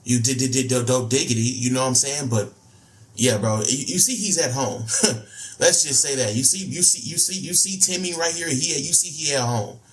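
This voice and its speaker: A man's voice: mid-range voice, normal speed. A man hosting a reaction video, talking in loose slang and repeating himself as he comments. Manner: slangy, laid-back, repeats phrases. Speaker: reaction host.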